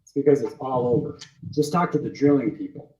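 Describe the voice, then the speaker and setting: A man's voice: medium pitch, a little fast, a little mellow, dull audio. A man presenting a webinar, teaching emphatically and repeating his points with rhetorical questions. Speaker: webinar presenter walking through his book. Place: outdoors with trees behind him. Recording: echoey sound, voice distant from the mic.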